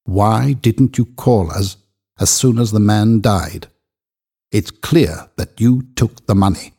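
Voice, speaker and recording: A man voicing a stern church minister who lays out an accusation in a firm, husky voice. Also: on the low side, slow, mellow, heavily acted. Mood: accusing.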